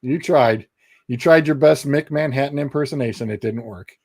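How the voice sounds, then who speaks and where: Excitable man in casual sports banter. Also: mid-range voice, moderate pace. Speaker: podcast co-host.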